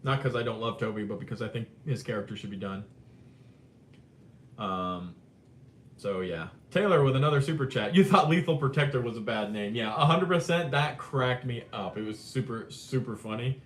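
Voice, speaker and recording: A man hosting a live movie chat, talking casually and animatedly, swinging between excited and subdued. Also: normal speed. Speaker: live stream host. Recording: roomy with faint rumble.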